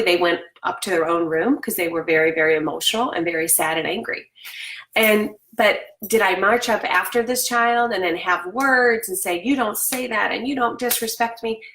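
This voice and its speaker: A middle-aged woman with a mid-range voice talks calmly about parenting and guides listeners through slow breaths. She sits back from the mic in a roomy space, so her voice sounds distant and echoey. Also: mid-range voice. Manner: calm, slow breathing cues and personal stories. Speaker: parenting talk host. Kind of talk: reflective talk with guided breathing.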